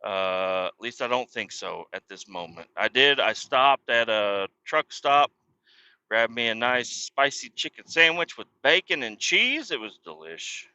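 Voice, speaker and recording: A man's voice: medium pitch, expressive, unhurried, bright, forceful tone, clear, resonant tone. A man hosting a podcast, telling a rambling, profane story about his day in casual talk. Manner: profane, rambling, swears constantly. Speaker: podcast host. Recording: dull lo-fi, dry.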